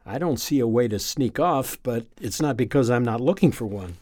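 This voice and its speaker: A man reading a first-person story aloud in a calm, measured, reflective way. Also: medium pitch, dry recording, clean studio sound. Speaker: narrator.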